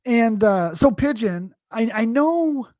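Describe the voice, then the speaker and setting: A man's voice: extremely high pitch, lively intonation, takes it slowly, dark tone, no room sound, studio quality. A man from New York hosting a live stream, chatting casually and answering chat in a rambling, profane, slangy way. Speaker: livestream host.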